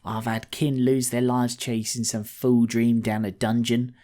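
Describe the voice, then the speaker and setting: A man reading game dialogue aloud, voicing a hospitable but wary halfling village woman in a soft put-on female voice. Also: mid-range voice, level tone, a little slow, lightly acted.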